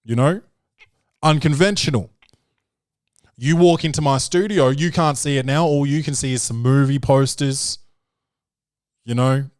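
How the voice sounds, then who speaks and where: A man hosting a comedy podcast from his own studio, rambling and swearing as he riffs. His voice sits at an ordinary pitch for a man. The sound is dry and close, with no room echo. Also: a little slow, long pauses. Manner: rambling, profane, jokey, slips into quoted voices. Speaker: podcast host. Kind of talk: comedic film-review podcast rant.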